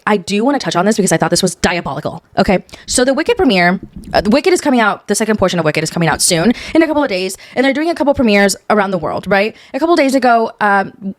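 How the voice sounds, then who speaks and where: A woman's voice: medium pitch, lively intonation, quick pace, dry recording, clean studio sound. A young woman co-hosting a podcast, chatting casually and animatedly, swearing freely as she dishes gossip. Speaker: podcast co-host. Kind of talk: casual chat.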